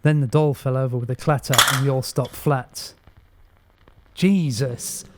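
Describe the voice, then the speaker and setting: A man narrating a first-person horror story in a measured, steady storytelling voice. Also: medium pitch, very noisy. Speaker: audiobook narrator.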